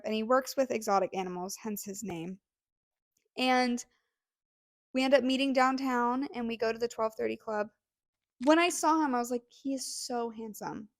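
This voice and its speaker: A woman's voice: on the high side, no echo. A young woman co-hosting a podcast, telling a story in a casual, gushing way with many fillers, close to tears. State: near tears. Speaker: podcast co-host.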